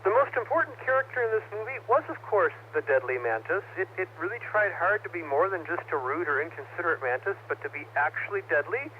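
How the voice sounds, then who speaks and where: A man's voice: sits high, animated, fast, hardly any pauses, a little hiss or hum. A man giving wry, dry-humored commentary on a ham radio net. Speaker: net participant. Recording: dull ham radio transmission.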